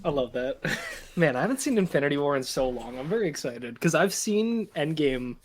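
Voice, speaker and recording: A young man co-hosting a podcast in a relaxed, agreeable way, laughing easily as he chats. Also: fairly high pitch, brisk, a little hiss or hum. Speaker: podcast co-host. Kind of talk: casual chat.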